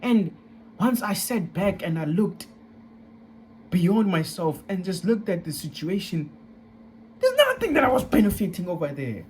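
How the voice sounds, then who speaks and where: Young man telling his story with swinging pitch. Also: sing-song, a little slow, pauses often, slight background noise. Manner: emotional, profane, street slang. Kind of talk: candid personal storytelling.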